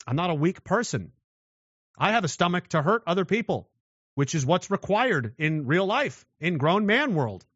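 A man rants in a blunt, mocking monologue, his pitch swinging widely. His voice sits a little high for a man. The recording is dry and slightly dull. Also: a bit bright, no echo. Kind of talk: monologue rant.

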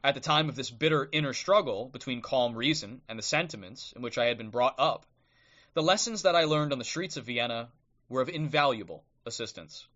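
A fairly quick mid-range voice with a fairly bright tone belongs to a male livestream host, recorded with dull audio on a streaming microphone. His ranting commentary is blunt and combative, often tagged with "okay?", and leads into a book reading.

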